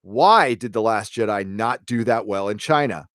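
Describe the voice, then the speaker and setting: A man's voice: fairly low pitch, moderate pace, fairly bright tone, dry recording, studio quality. Middle-aged American man ranting on a livestream. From United States. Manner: ranting, casual, profane, many fillers and restarts. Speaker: livestream host. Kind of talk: livestream commentary and reading viewer chat.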